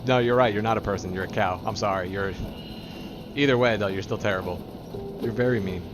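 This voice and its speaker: A man's voice: fairly low pitch, fairly quick, music in the background. A man streaming a game live, playfully teasing his companion and relaying her replies aloud, laughing often.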